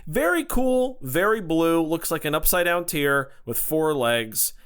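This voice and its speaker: A man's voice: fairly high pitch, expressive, a little slow, fairly bright tone, clear, resonant tone. A young man playing a blunt, cheeky ten-year-old student in improvised comedy role-play. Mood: playful. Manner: blunt, playful, hesitant.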